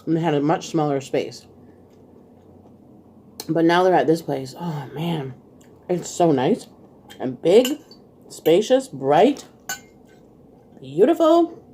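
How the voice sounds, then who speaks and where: Woman with a low warm voice chatting while she eats, laughs a lot, soft dish clinks behind. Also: expressive, takes it slowly, pauses often, slight background noise. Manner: chatty, eating while talking, laughs often. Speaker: vlog host. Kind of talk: casual mukbang chat.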